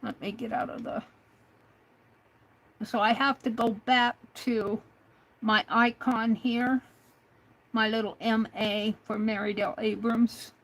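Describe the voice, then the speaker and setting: A woman's voice: a little high, flat delivery, slow pace, pauses often, fairly bright tone, poor audio. A woman hosting a craft livestream, chatting casually and hesitantly with an AI assistant, with many fillers. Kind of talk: casual livestream talk to a chatbot.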